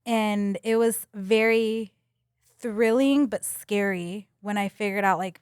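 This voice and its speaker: A young adult woman, a podcast guest, retelling a story in a casual, animated way with lots of fillers. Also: medium pitch, takes it slowly, smooth, no room sound, clean studio sound.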